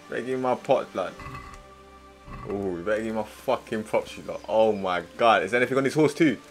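A young man giving excitable, slang-heavy let's-play commentary, swinging between muttering and loud outbursts. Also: lowish voice, brisk, faint music behind. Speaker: gaming streamer.

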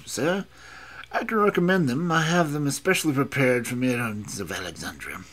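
A man with a medium-pitched, fairly bright voice plays an older character: a fussy, chain-smoking, elderly invalid scholar. He delivers the role in a precise, mincing, plaintive way.

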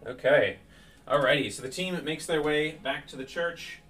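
A man narrating a tabletop game as game master, pausing often with fillers as he describes the scene. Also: a little high, a bit bright, slightly rough, distant mic, faint music behind. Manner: hesitant, many fillers. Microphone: streaming setup.

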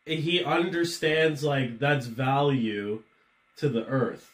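A man's voice: mid-range voice, slow pace. A man chatting as a podcast co-host, spinning goofy hypothetical scenarios and laughing often. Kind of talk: casual chat. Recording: echoey room.

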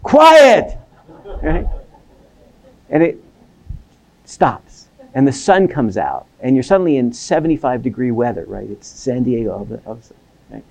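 A man's voice: medium pitch, lively intonation, normal speed, gravelly, long pauses, warm tone. A man giving a seminary lecture on the Bible. He asks questions and answers them himself, and keeps checking in with his listeners with "right?".

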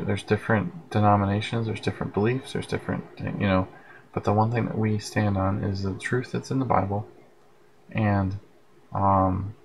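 A man with a lowish, gravelly voice hosts a late-night livestream, rambling in a friendly, tired way and reading out viewer comments as part of a casual broadcast chat. He uses headphones with a plug-in mic, and the low-quality recording carries a little hiss or hum.

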